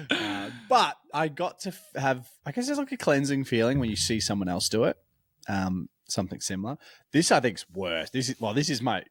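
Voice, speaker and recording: A young man co-hosting a chat podcast, his pitch leaping up and down as he spins a yarn. The sound is close and dry with no room around it, and he swears casually as he goes. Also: no room sound. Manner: animated storytelling, swears freely. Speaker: podcast co-host.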